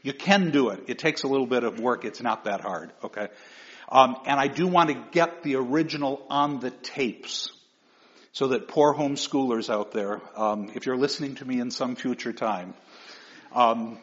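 A man giving a recorded literature lecture, talking in an animated, expressive way and reading verse aloud with dramatic emphasis. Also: medium pitch, normal speed, highs cut off. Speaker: literature teacher.

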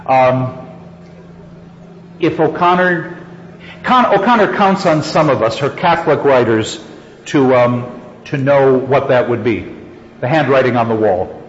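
A man lecturing on literature and reading passages aloud, reflective and stressing phrases slowly. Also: medium pitch, animated, slight background noise. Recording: echoey hall, dull lo-fi sound.

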